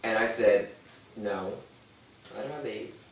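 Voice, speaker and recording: A man's voice: fairly low pitch, takes it slowly. A man in his thirties, a talk-show guest, frankly telling his own story and acting out the voices of the people in it. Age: 30s. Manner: animated, acts out quoted voices. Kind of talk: candid personal storytelling. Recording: echoey room, distant mic, faint noise.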